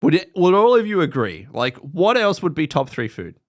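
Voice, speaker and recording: A man's voice: a little high, very animated, normal speed. A man with an Australian accent hosting a live stream, chatting casually and rambling with his viewers, swearing now and then.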